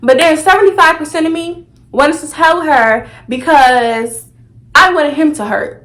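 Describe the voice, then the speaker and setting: A young woman vlogger telling a personal story in a sassy, animated, dramatic way. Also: sits high, a little slow. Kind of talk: storytime vlog.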